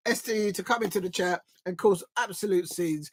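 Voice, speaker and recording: A man giving live football watch-along commentary. He is chatty and excitable, talking to his viewers between bursts of play-by-play. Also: high-pitched, brisk, few pauses, slightly rough.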